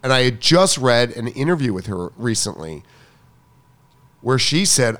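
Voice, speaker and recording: A man's voice: medium pitch, sing-song, measured pace, fairly bright tone. A man co-hosting a casual chat about tennis coaching, enthusiastic and emphatic, often repeating himself for stress.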